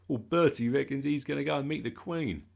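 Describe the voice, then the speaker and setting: A man voicing a loud, mocking schoolboy in a storybook. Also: mid-range voice, fairly quick, vocal fry, pitched above the performer's own voice, natural voice.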